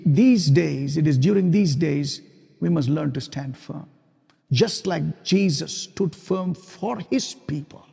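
A pastor preaching a sermon, building to loud, emphatic repetition of his points. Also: a little high, vocal fry, husky, big-room sound.

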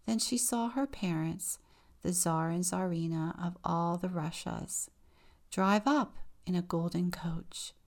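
A woman deacon reading a children's picture book aloud, with slow, expressive storytelling. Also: on the low side.

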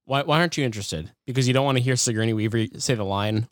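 A man co-hosting a podcast in casual chat, laid-back and quick to laugh. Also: medium pitch, dry recording, clean studio sound. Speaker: podcast co-host.

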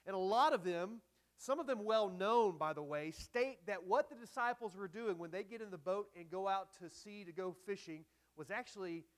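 A man's voice: high-pitched, a bit bright. A man preaching a sermon in a conversational way, with asides and emphatic quoted lines. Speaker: pastor.

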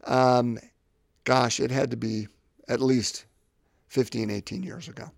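He's a man in his fifties with a medium-pitched voice, fairly even intonation and vocal fry, talking without hurry. Hosting a faith podcast in a dry, clean studio recording, he rambles reflectively and repeats words as his thoughts come together.

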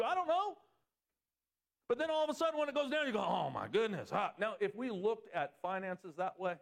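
A pastor delivers a sermon to his congregation in a voice set a touch high for a man. His preaching is animated: he climbs sharply in pitch to stress points, then drops low and quiet while reading scripture and making his case.

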